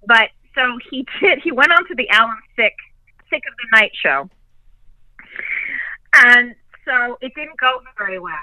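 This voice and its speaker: Bright, profane storytelling woman. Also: on the high side, measured pace, long pauses, no room sound, muffled recording. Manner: animated, profane, laughs often. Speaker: guest. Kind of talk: casual storytelling chat.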